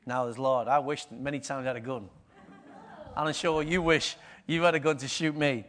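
A man's voice: mid-range voice, fairly even intonation, moderate pace, fairly bright tone. A middle-aged man, preaching a conversational sermon and often asking the congregation questions. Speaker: pastor.

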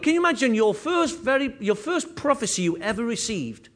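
This pastor's sermon comes in a fairly bright, high-for-a-man voice that swings widely in pitch at a normal speed. He's earnest, repeating important phrases and beginning lines again as his argument takes shape.

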